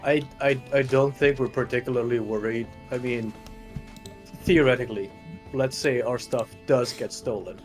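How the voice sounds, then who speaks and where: A man's voice: medium pitch, steady tone, normal speed, soft background music. A man playing a tabletop game casually, joking with stammered restarts. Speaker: player.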